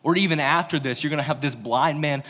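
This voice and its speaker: A man's voice: fairly high pitch, fast, sharp tone. Casual preacher man in a reverberant hall. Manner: informal, storytelling, humorous asides. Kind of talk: casual conversational sermon. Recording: long reverb of a large hall.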